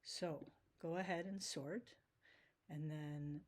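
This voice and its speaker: A woman's voice: deep voice, steady tone, takes it slowly. A woman teacher giving a recorded video lesson, talking casually and often checking in with "right?".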